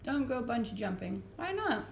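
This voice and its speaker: A young woman with a Danish accent talks easily to her livestream viewers. She answers their questions and laughs often. Her voice has a gravelly fry and sits in an echoey room with a faint ambient hum. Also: fairly high pitch, big pitch swings, normal speed. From Denmark. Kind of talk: casual chat reading viewer messages.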